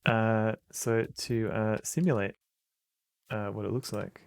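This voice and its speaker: Gravelly Australian man streaming a game. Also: lowish voice, fairly even intonation, slow. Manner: joking, reads game text aloud. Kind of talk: casual let's-play commentary.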